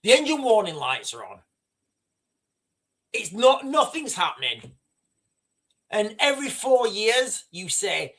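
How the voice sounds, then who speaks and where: A man's voice: sits high, slow pace, long pauses. A middle-aged man hosting a livestream, ranting casually with lots of swearing and rambling asides. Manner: profane, rambling, animated storytelling. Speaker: livestream host.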